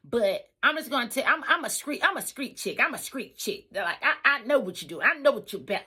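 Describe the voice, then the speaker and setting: A woman's voice: fairly high pitch, lively intonation, a little fast, sharp tone, slightly rough, full character voice. A woman voicing a brash, boastful female coworker who answers back snappily. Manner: snappy, defensive.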